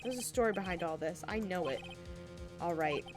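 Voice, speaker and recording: A woman's voice: fairly low pitch, lively intonation, moderate pace, voice pushed down, lightly acted. A woman reading the lines of an earnest, determined young male defense lawyer, with video game music playing behind.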